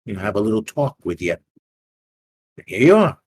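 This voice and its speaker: Guy doing a smug moneylender, slow and mocking, menacing, voice jumps around a lot. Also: on the low side, big pitch swings, darkish tone, slight background noise.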